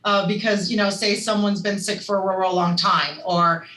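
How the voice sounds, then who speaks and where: Casting: bright, crisp woman doctor, candid and plain-spoken, roomy echo. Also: mid-range voice, fairly even intonation, normal speed. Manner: candid, hesitant, many fillers. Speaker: naturopathic doctor, guest. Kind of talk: casual interview answers. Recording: echoey room.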